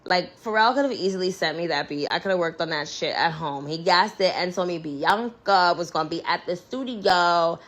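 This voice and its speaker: A woman with a low, deep speaking voice rambles through a casual livestream monologue. She is blunt and candid and swears freely. Filler words run through nearly every sentence. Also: moderate pace, hardly any pauses, a bit bright, poor audio. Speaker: musician on a livestream.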